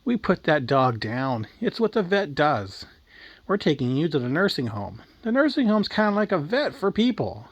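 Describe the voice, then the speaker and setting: A man's voice: on the high side, sing-song, normal speed, no echo. A man voicing Billy, a bratty, cruel young boy who taunts his grandmother in a raised, gleeful voice. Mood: taunting.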